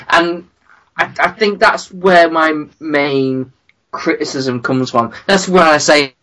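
A man's voice: fairly high pitch, slow, sharp tone. A man, co-hosting a casual podcast, rambling and repeating words as he works toward his point. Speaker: podcast co-host.

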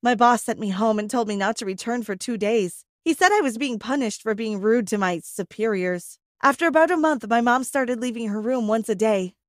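A woman storyteller giving a scripted, emotive first-person narration for an animated story. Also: a little high, normal speed, hardly any pauses, dry recording, studio quality.

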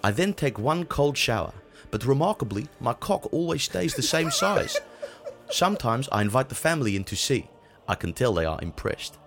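A man voicing a brutish, self-important Dutch father with a Dutch accent, reading a spoof blog in a deadpan, pompous way. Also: mid-range voice, moderate pace. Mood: deadpan boastful.

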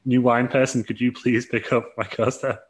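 A boastful woman politician , as a man sends her up, brags quickly and smugly. Her manner is entitled and offhand, in a barely changed voice. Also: mid-range voice, little pitch movement, slightly rough, close to an everyday voice.

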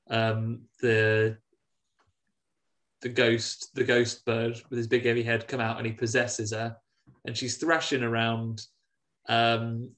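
An English man with a Midlands accent in a casual film review chat, talking at an ordinary middle pitch. He retells scenes with lively bits of put-on voices. His delivery is chatty and loose. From England. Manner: animated retelling, acting out characters. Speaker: podcast co-host.

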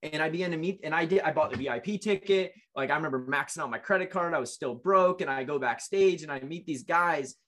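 A man's voice: a little high, quick pace, few pauses, fairly bright tone. A man in his late twenties, a guest in an interview, telling his life story in an earnest, emotional way with frequent restarts. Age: late 20s.

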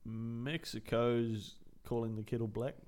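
A man's voice: mid-range voice, flat delivery, a little slow, darkish tone. A man co-hosting a casual chat, sarcastic and rambling as he talks.

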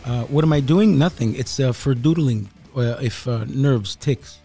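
A man, comedian and podcast host, chatting casually with animated bursts and quick laughs. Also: medium pitch, faint music behind. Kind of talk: casual chat.

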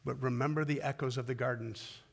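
A man preaching a sermon as pastor, swinging from loud emphatic peaks down to low, intimate pleading. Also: fairly even intonation, a little fast, creaky, breathy edge, long reverb tail. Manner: impassioned, rising to loud peaks then dropping low and intimate.

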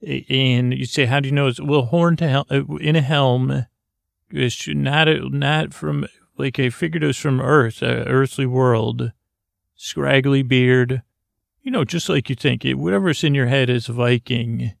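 Male storyteller, gentle and halting, gravelly voice with little pitch movement, dry close mic. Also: steady tone, dry recording. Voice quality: meandering, halting with many fillers and restarts. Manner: soft, drowsy and gentle. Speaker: storyteller narrating as a character. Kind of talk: improvised rambling bedtime-style storytelling.

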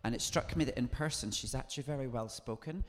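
Male host, thoughtful and articulate, mid-pitch voice, reverby room. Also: fast talker. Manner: thoughtful, articulate, gently teasing. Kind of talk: casual chat.

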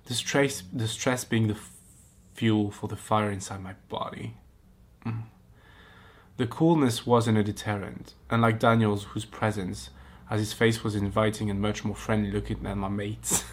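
A man's voice: lowish voice, steady tone, normal speed, breathy edge. A man hosting a podcast, reading a romance story aloud and breaking off into giggly, mocking comments. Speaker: podcast host. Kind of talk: comic reaction reading.

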